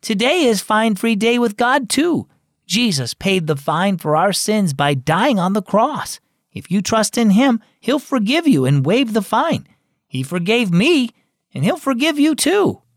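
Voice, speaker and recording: An earnest, cheerful young boy with a bright, raised voice that rises and falls a lot, as a male storyteller puts him on. Dry, close sound with soft music beneath, a storybook radio reading. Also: high-pitched, sing-song, a little slow, no room sound, voice pushed up, heavily acted.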